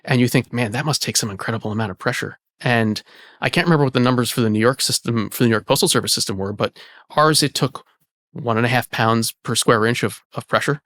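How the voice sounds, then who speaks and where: A man, an archivist hosting the conversation, explaining in a relaxed way with lots of "you know" fillers. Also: medium pitch, a little fast, no room sound, studio quality. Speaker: archivist and host. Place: indoor archive space.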